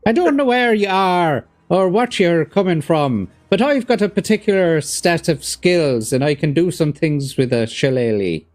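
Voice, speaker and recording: A man's voice: a little high, animated, moderate pace, few pauses, darkish tone, pitched above the performer's own voice, lightly acted. A man voicing a swaggering male tough in a stereotypical Hollywood Irish accent, mock-menacing. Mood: mock menace.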